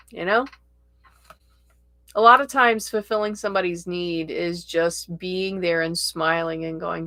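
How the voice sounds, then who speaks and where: Lady host doing tarot on a livestream, unhurried and encouraging, dry close sound. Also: lowish voice, fairly even intonation, no room sound. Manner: slow, chatty, gently encouraging, reads viewer comments aloud. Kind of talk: casual livestream chat.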